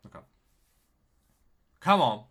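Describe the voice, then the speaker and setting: A man streaming a mobile game, chatting casually, laughing and reading viewers' comments aloud. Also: slow. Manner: excitable, laughing, reads chat aloud. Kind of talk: casual live-stream gaming chat.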